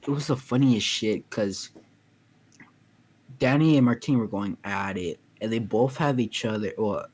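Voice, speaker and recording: A man's voice: on the low side, normal speed, a little mellow, slight background noise. A man casually telling a story in a voice chat, often laughing as he goes. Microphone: computer mic in a voice chat.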